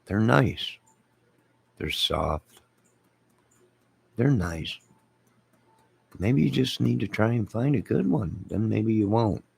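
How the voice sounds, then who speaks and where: A man's voice: on the low side, expressive, slow pace, creaky, long pauses, a little mellow, breathy edge. A man hosting a YouTube channel, rambling in casual live-stream chat with his viewers and repeating friendly sign-offs.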